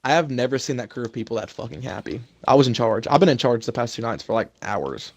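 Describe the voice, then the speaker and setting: Fast-talking young man venting about work. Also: medium pitch, expressive. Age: young adult. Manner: profane, heated venting. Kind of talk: casual chat.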